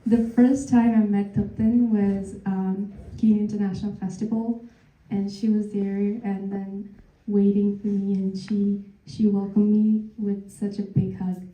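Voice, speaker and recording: A woman's voice: medium pitch, flat delivery, a little slow, few pauses, warm tone. A woman from Nepal giving a hesitant tribute to a friend. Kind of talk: casual speech. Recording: phone-like echoey sound.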